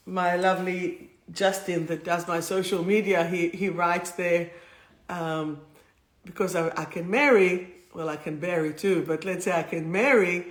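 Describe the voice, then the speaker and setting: A woman streaming a spiritual talk live on two phones, wandering from thought to thought and easily moved by her own stories. Her voice bounces around a roomy, echoing space. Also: lowish voice. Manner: warm, rambling, emotional, easily moved. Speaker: spiritual healer and host. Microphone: two phones streaming at once. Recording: roomy echo.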